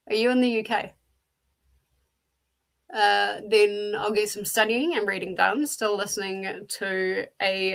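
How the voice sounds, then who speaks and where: Gravelly-voiced New Zealand woman hosting. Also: medium pitch, fairly bright tone. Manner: chatty, greets viewers by name and answers chat. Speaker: livestream host. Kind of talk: casual livestream chat.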